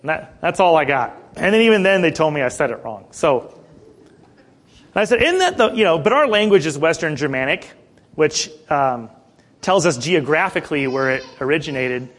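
A fairly high-voiced American man leading a relaxed Bible study. He reads scripture aloud, then drops into easy talk, checking in with his listeners and clearing his throat now and then. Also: moderate pace. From United States. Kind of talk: casual Bible study teaching and scripture reading.

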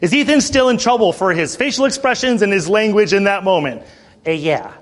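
Animated high-voiced male pastor. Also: brisk. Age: 30s. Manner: animated, fired up, talks straight to the congregation. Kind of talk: sermon storytelling.

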